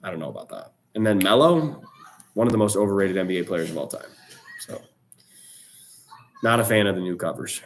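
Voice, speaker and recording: A man's voice: sits low, sing-song, a little fast, long pauses, a little hiss or hum. A man hosting a live trading stream, talking casually and loosely with slang, reacting to viewers' chat. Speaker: livestream trading host.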